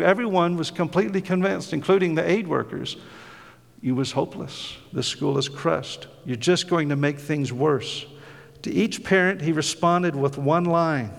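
Preacher guy, gravelly voice, kinda high, telling a story then praying, lots of uhs, echoey hall. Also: moderate pace. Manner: impassioned storytelling with many fillers. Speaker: pastor. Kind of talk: sermon with story and prayer.

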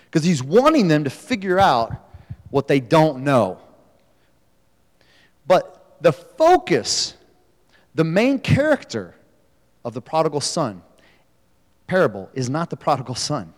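A man preaching a sermon in a casual, conversational way, telling the story with animation. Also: on the high side. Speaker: pastor. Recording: echoey hall, long reverb.

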